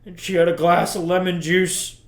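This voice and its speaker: An actor playing a bitter, self-pitying middle-aged father who rambles crudely to his son in a deadpan comedy monologue. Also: high-pitched, moderate pace, lightly acted. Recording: roomy echo.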